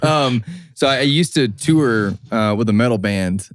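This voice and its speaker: A young hat maker from New Mexico, USA, appears as a guest, speaking in a mid-range voice at a measured pace, recorded cleanly in a studio with no echo. He tells stories casually, with a laid-back, slangy style, and acts out the people he quotes.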